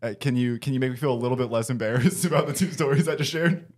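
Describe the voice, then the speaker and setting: A man's voice: medium pitch, racing. A young man hosting a podcast from his basement, telling a story in a casual way, swearing and laughing often. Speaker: podcast host. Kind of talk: casual chat. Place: home basement.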